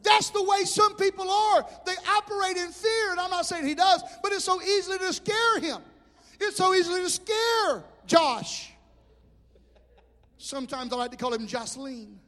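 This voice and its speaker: A man preaching a sermon as pastor, telling animated stories. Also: very high-pitched, normal speed. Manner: animated storytelling with shouted impressions. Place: church hall. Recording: hall reverb.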